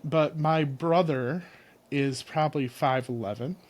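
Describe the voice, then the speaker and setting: A ceramic artist from Illinois chats casually as a guest, animatedly telling stories and voicing the people in them. His voice is fairly high and a little slow.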